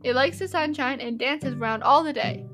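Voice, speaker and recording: A woman's voice: high voice, moderate pace, over music, lightly acted. Woman reading as an earnest little boy. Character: earnest little crippled boy, eager storyteller.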